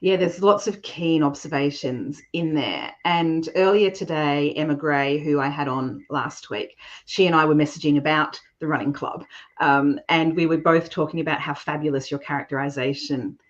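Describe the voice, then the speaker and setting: Low-voiced woman host, muffled sound. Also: fairly even intonation, normal speed. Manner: enthusiastic, complimentary questioning. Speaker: podcast host. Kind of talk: interview hosting. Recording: dull lo-fi sound.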